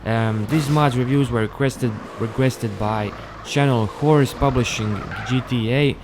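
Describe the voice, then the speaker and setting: Young man, gaming tutorial voice-over, unscripted, occasional stumbles, mid-pitched, faint background noise. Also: unhurried. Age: young adult. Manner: unscripted, relaxed, with self-admitted stumbles. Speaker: gaming channel host. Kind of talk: casual gameplay tutorial voice-over.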